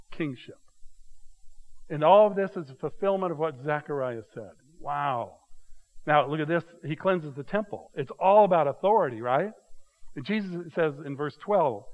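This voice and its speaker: A man's voice: on the high side, animated, normal speed, rough recording. An older man, a pastor, preaching a conversational sermon and asking his listeners questions.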